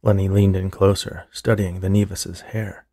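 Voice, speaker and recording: A man reading a horror story aloud as narrator, steady and measured, with a husky, creaky voice. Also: low-pitched, no echo, clean studio sound. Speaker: audiobook narrator.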